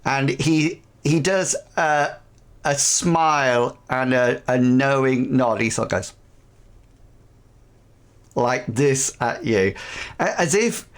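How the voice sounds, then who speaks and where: A man narrating a tabletop game as game master, halting with frequent fillers. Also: mid-range voice.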